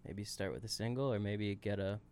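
A man's voice: lowish voice, fairly even intonation, brisk, darkish tone, a little hiss or hum. A man musician as an interview guest, laid-back with a dry sense of humor. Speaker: band member, guest. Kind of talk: casual interview chat.

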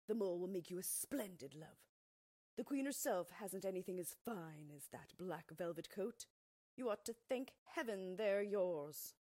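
Storybook field mouse, bossy and scolding, loud and insistent, with a husky, darkish voice, read by a woman. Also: on the low side, expressive, unhurried, dry recording, clean studio sound.

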